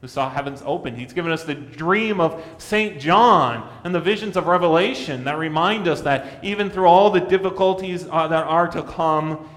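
A man preaching a sermon, earnest, rising for emphasis and dropping to a soft hush. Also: normal speed, in a large hall. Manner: earnest, rises in pitch and volume for emphasis, drops to a soft hush. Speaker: pastor.

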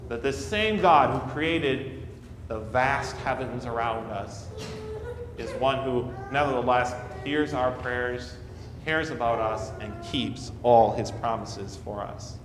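A pastor preaching a sermon, stressing key words loudly and then dropping low and quiet. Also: male voice, slight background noise. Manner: emphatic, rising for stressed words and dropping to near-whispers. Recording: echoey hall, faint room ambience.

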